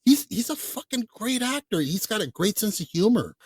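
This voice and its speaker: A man co-hosting a podcast, talking casually about films in a blunt, profane, animated way. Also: sits high, normal speed, breathy edge, dry recording. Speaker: podcast co-host. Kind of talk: casual film chat.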